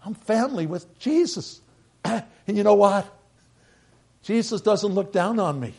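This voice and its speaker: Brief: middle-aged man, pastor, fairly high voice, punchy sermon delivery with repeated phrases and hushed asides. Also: lively intonation, unhurried, creaky. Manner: emphatic, swinging between loud bursts and quiet asides; repeats phrases for stress, quotes scripture and hymns.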